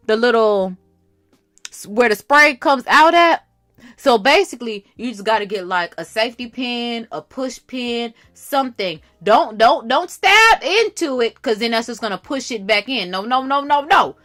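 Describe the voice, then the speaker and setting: Lively, bright-voiced woman chatting on a livestream. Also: mid-range voice. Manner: chatty, talks straight to viewers. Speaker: livestream host. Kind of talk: casual live chat while doing makeup.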